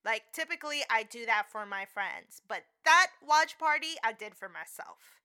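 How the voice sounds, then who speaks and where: A woman's voice: on the high side, animated, normal speed, pushed and bright, smooth. A woman co-hosting a podcast, chatting in a casual, profane and emphatic way. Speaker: podcast co-host. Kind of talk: casual chat.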